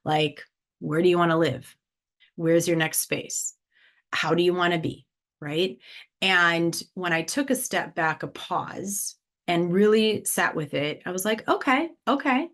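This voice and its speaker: Upbeat woman, low-pitched, chatty podcaster. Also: fairly even intonation, measured pace, fairly bright tone. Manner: upbeat, conversational, lots of "right?" and "like". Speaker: podcast host. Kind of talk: solo motivational podcast talk.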